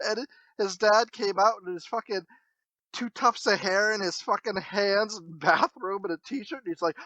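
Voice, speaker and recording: Bright, high-pitched, swearing storyteller man. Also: big pitch swings, slow pace, no echo, low-quality recording. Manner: profane, laughing anecdote teller. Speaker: podcast co-host. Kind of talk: casual chat.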